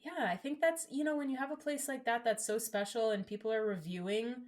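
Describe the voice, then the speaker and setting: A woman's voice: on the high side, steady tone, fairly quick, a little mellow. A woman co-hosting a podcast in casual chat, reading out reviews with plenty of fillers. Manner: reads out reviews, chatty with many fillers. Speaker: podcast co-host.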